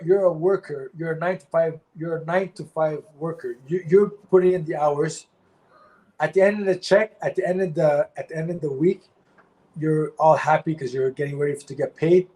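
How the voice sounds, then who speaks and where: Male ex-fighter guest, blunt and profane, slightly high voice, repeats himself when angry. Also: darkish tone, rough recording. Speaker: former pro fighter, guest. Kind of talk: candid interview talk.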